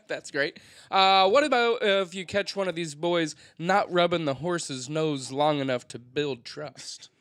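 A man co-hosts a comedy game, setting up absurd scenarios with a wry, playful touch. His voice runs a bit higher than most men's. The recording is dry and close. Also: measured pace, a bit bright, no echo. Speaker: comedy podcast co-host. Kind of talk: hosting a comedy game segment.

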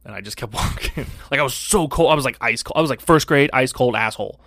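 A middle-aged man on a podcast, telling a childhood story in a casual, animated, profane way and acting out the other people's lines. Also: medium pitch, fast talker, hardly any pauses, no echo. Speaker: podcast co-host.

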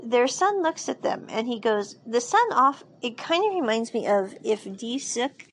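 A woman's voice: a little high, big pitch swings, measured pace, slight background noise, rough recording. Chatty woman recapping a drama episode. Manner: chatty, rambling with frequent fillers and restarts.

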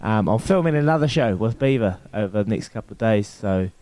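A man's voice: on the low side, animated, brisk, mellow. A man, a rugby player co-hosting a sports podcast in a laid-back way, laughing easily. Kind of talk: casual sports chat.

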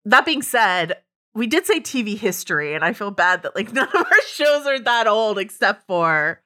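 A woman's voice: mid-range voice, normal speed. A woman co-hosting a podcast, chatting casually with jokes, laughs and lots of "like". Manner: animated, laughing, joking, lots of "like". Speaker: podcast co-host. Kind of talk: casual chat.

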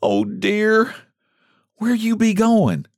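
A man's voice: high voice, very animated, very slow, vocal fry, no room sound, clean studio sound, voice pushed up, full character voice. A man voicing an elderly countrywoman who wails in self-pity, in quavering rural dialect. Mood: distraught. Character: elderly woman, wailing and self-pitying.

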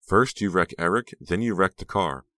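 A man voicing a lively, teasing teenage girl in an audiobook, speaking with raised pitch and eager emphasis. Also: normal speed, dry recording. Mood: teasing, excited. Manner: enthusiastic and emphatic.

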